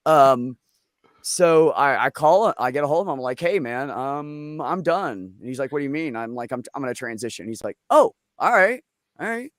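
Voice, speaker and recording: A man's voice: mid-range voice, expressive, normal speed, dry recording, studio quality. A middle-aged man hosting a casual live chat, telling stories bluntly and with lots of swearing and joking. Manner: blunt, profane, joking storyteller. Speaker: livestream host.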